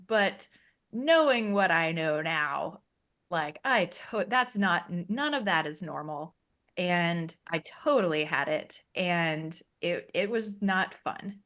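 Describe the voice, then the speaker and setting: A woman's voice: lowish voice, a bit bright. A woman speaking as an interview guest, telling her own story frankly and conversationally and laughing often. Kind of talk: candid personal story.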